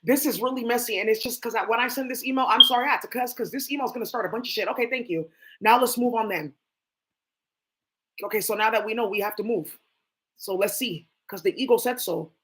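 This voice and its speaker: A woman hosting a tarot stream, talking in a blunt, profane, animated rant, often talking to herself. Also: on the high side, fast talker. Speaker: tarot livestream host. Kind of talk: casual ranting monologue.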